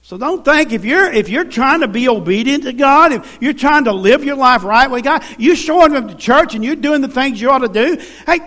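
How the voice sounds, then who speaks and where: High-voiced Southern preacher. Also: male voice, lively intonation, normal speed, hardly any pauses, a bit bright. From American South. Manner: folksy storytelling with call-and-response. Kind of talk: sermon. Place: church.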